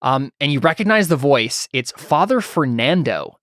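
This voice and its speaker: A man's voice: medium pitch, very animated, normal speed, a bit bright, no room sound, clean studio sound. A man narrating as game master of a tabletop role-playing game, talking loosely with many fillers and restarts.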